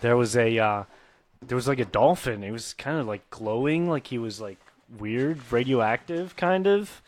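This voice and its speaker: A man's voice: medium pitch, normal speed. A male podcast co-host telling a story in a hesitant, rambling way. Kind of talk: casual storytelling.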